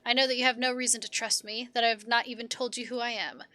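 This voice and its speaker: A woman's voice: a little high, little pitch movement, dry recording. A woman voicing a wounded young woman who speaks faintly and hesitantly from hiding. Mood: pleading. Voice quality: faint, soft-spoken. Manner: hesitant, halting pleas.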